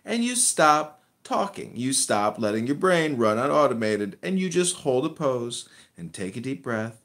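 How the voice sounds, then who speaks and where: Man, chat host, brash, crude, insulting, lively swinging pitch. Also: unhurried. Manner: brash, crude and insulting, drawing out words to mock. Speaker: host of a live audio chat room. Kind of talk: casual chat.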